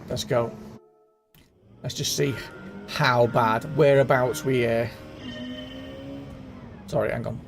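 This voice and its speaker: A man's voice: medium pitch, fairly even intonation, slow, pauses often, music in the background. A man hosting a casual live gaming stream, chatting and rambling with his viewers in a bantering way. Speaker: gaming livestream host.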